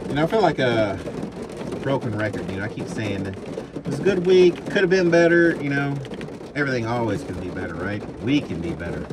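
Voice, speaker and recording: A man who drives a truck, ranting loudly and with plenty of profanity in a vlog recorded while driving. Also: mid-range voice, a little fast. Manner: heated, profane, animated ranting. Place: truck cab on the road. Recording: noisy truck cab.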